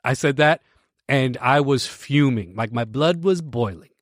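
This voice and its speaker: An American man near forty tells a story with lots of animation, restarting sentences and laughing between thoughts. His voice sits at a medium pitch. It is recorded on a close mic in a dry space with no room echo. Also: expressive, unhurried. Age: 30s. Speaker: podcast host. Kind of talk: casual storytelling to a live stream audience.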